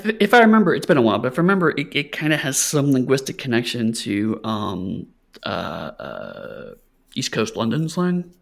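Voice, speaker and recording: A man hosting a podcast, talking casually in a halting way with many fillers. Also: medium pitch, wildly swooping pitch, vocal fry. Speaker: podcast host, game company staff. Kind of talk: casual chat.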